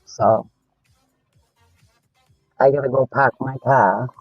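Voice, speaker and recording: A man's voice: medium pitch, fairly even intonation, takes it slowly, gravelly, slightly rough, no room sound, highs cut off, soft background music. A man with a Boston accent calling into a livestream panel, joking and laughing. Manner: jokey, laughing. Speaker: panel caller. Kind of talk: casual livestream chat.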